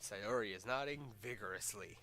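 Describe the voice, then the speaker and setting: A man's voice: on the low side, normal speed, bright, forceful tone. A congested young man hosting a gaming channel, reading a visual novel aloud with playful, joking asides.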